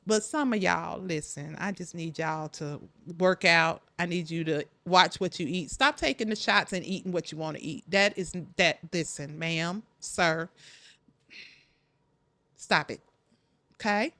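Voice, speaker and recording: A woman's voice: lowish voice, measured pace, no echo. Southern woman preaching to "y'all". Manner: animated, preachy, talks straight to listeners with lots of "listen, y'all". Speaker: podcast host and life coach. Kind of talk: faith-based motivational talk.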